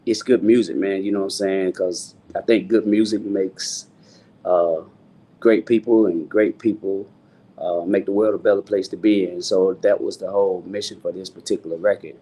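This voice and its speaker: Mellow-voiced man, rambling softly. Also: low voice, fairly even intonation, normal speed. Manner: loose, rambling, full of "you know what I'm saying". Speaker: guest singer. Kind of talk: relaxed interview talk.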